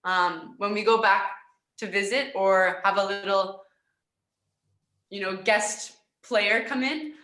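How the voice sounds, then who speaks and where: A woman's voice: medium pitch, steady tone, takes it slowly, sharp tone, reverberant. A young Canadian woman, a volleyball player, chatting in an upbeat, giggly way in an interview. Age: young adult. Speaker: guest, professional volleyball player. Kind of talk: casual interview chat.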